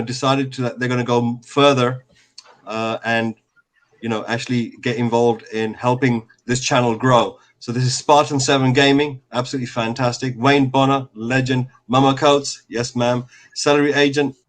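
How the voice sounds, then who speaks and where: A man hosting a casual fan call-in show, relaxed and rambling, with many fillers. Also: medium pitch.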